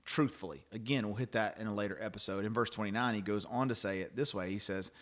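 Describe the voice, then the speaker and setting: A man's voice: fairly low pitch, fast talker, fairly bright tone. A middle-aged man hosting a casual faith-based chat, rambling and restarting, acting out quoted lines. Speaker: podcast host.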